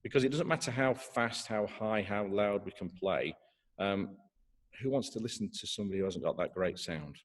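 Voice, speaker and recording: Low-voiced man teaching trombone. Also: moderate pace, big-room sound. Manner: hesitant, many fillers and restarts. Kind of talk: online masterclass.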